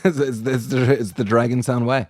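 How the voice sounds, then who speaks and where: A man's voice: mid-range voice, fairly even intonation, fairly quick, darkish tone, dry recording, clean studio sound. A man co-hosting a casual podcast chat, joking around and laughing often. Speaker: podcast co-host.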